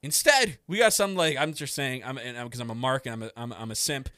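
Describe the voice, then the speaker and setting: A man hosts a casual podcast, his voice sitting at an ordinary middle pitch. He rambles excitedly and laughs often. The sound is dry and close. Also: fairly quick, no echo. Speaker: podcast host. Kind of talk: casual wrestling podcast chat.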